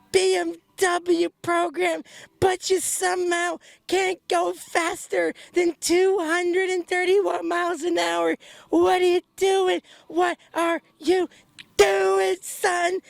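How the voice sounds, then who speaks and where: A man's voice: dry recording, full character voice. A man voicing a rowdy, boastful stuffed beaver mascot who gloats and taunts with fake sobbing. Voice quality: squeaky and gravelly. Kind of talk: comedic character rant.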